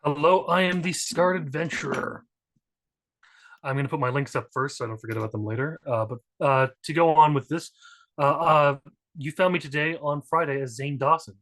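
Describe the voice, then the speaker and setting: A man's voice: a little high, moderate pace, fairly bright tone. A man introducing himself on a tabletop gaming stream, rambling and joking, often interrupting himself. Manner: rambling, self-interrupting, jokey. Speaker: tabletop game player and game master.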